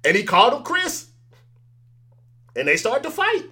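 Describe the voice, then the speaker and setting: A man's voice: very high-pitched, huge pitch swings, normal speed, bright, forceful tone. A man as an interview guest, chatting casually and telling stories animatedly, acting out the exchanges he quotes.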